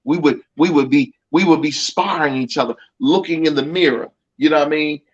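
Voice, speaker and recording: A middle-aged man with a slightly high, husky voice, talking as a motivational coach. He speaks emphatically, repeats his points and restarts his sentences with a preacher-like rhythm. The sound is dull and lo-fi. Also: brisk. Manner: emphatic, repetitive, preacher-like cadence with many restarts. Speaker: coach, interview guest. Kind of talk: motivational interview talk.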